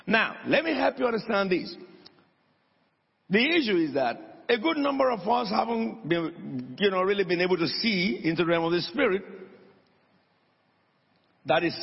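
A pastor with a high, breathy voice and vocal fry preaches emphatically in a church hall, calling out to his congregation. The recording is dull and lo-fi, with long reverb from the hall.

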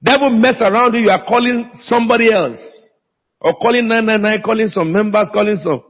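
In a dull, lo-fi recording from an echoey church hall, a pastor preaches in a high-sitting voice at a slightly fast pace. He calls out emphatically to the congregation, and they answer him in call-and-response.

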